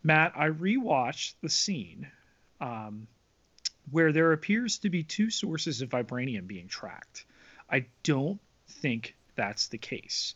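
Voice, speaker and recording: A man co-hosting a podcast, reading listener mail with animated pitch jumps and fillers. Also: takes it slowly. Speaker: podcast co-host. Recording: dull lo-fi sound.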